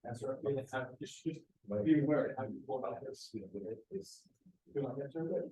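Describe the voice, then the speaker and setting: Male instructor, mid-pitched, upbeat hands-on coaching with quick praise, echoey training room. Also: dark tone. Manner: encouraging, quick praise, short corrections. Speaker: martial arts instructor. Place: martial arts school, indoors.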